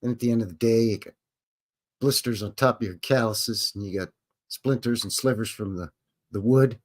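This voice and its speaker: A man's voice: on the low side, moderate pace. A man hosting a casual livestream, rambling and joking as he acts out little voices. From Canada. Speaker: livestream host.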